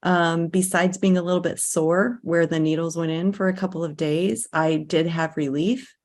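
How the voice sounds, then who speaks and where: A woman's voice: fairly low pitch, fairly even intonation, moderate pace, darkish tone. A middle-aged woman in a casual interview, telling a personal story and now and then acting out other people's lines. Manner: personal storytelling, acts out quoted voices, laughs between phrases. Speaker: guest, nurse and life coach.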